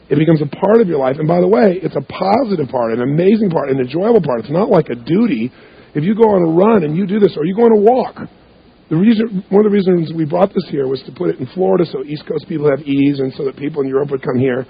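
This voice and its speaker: A man's voice: fairly high pitch, quick pace. A man giving an emphatic, punchy seminar talk as a motivational speaker, repeating words for effect. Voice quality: gravelly, husky voice. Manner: emphatic, repetitive, punchy delivery. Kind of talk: seminar talk to a live audience. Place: hotel event room. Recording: muffled lo-fi recording.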